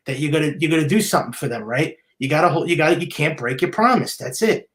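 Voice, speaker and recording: A man hosts a solo sports podcast in a fairly high, fairly bright voice at a quick pace. He rants heatedly and indignantly, scolding, repeating himself and stumbling through stammering restarts.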